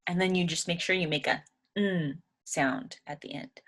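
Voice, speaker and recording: Young woman english teacher, slow and patient, says each word over and over. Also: lowish voice, lively intonation. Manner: slow, patient, repeats each word aloud several times. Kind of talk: pronunciation lesson.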